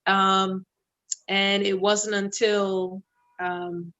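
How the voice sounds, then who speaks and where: A woman's voice: mid-range voice, flat delivery, drawn-out words, a bit bright, highs cut off. A woman co-hosting a podcast, talking frankly and reflectively about her own parenting. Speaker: podcast co-host. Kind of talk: casual chat.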